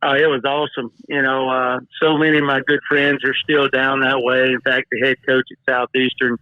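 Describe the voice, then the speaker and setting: A football coach as an interview guest, talking in a relaxed way with frequent uhs. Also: male voice, medium pitch, moderate pace. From Louisiana. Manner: relaxed, says uh often. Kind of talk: casual interview. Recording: dry, phone-line sound.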